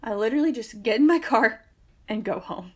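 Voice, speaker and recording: A woman's voice: a little high, lively intonation, fairly quick, slightly rough. A woman, co-hosting a podcast and telling a long, wry, exasperated story in casual chat. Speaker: podcast co-host.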